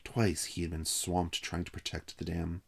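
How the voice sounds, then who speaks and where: A man reading a children's novel aloud with steady, expressive narration. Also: sits low, normal speed, creaky, slightly rough. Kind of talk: read-aloud story narration.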